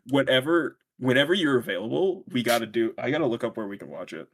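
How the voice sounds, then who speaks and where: A man's voice: medium pitch, expressive. Swearing, laughing podcast co-host man. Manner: quick to laugh, swears casually. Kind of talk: casual chat.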